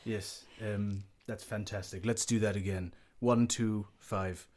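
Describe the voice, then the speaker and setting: A man voicing a gormless, hunky teenage boy dancer with a put-on Cockney accent, talking slow and dopey in a tabletop game. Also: fairly low pitch, steady tone, darkish tone, voice pushed down, lightly acted.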